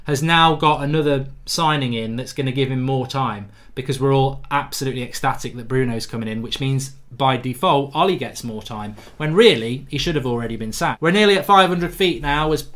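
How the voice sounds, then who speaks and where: A man's voice: mid-range voice, fairly bright tone. A man hosting a live football fan reaction stream in a blunt, sarcastic, ranting manner.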